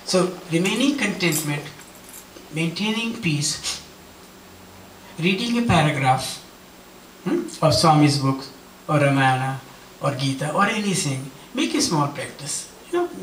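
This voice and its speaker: Earnest male speaker at a devotional gathering, higher voice, storytelling. Distant, roomy hall sound with faint background noise. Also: animated, a little slow, fairly bright tone. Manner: earnest, storytelling, acts out quotes. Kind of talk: devotional talk with personal stories.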